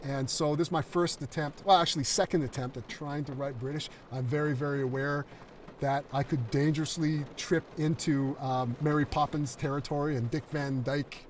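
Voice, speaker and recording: A man's voice: on the high side, fairly even intonation, normal speed, distant mic, a little hiss or hum. A concept artist talking through his draft script on a livestream, enthusiastic and rambling with fillers.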